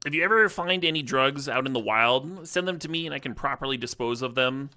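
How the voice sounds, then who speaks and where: A man's voice: medium pitch, fairly quick, few pauses, sharp tone. A man streaming a card-game draft, chatting casually and telling rambling, joking stories to his viewers. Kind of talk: casual live-stream commentary.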